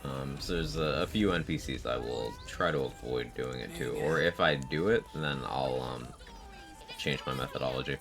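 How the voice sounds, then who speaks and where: Super deep-voiced guy streaming, sleepy and chill, laughs a lot, some faint music behind. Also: normal speed. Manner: laid-back, sleepy, laughs often, swears casually. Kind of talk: casual live-stream chat over gameplay.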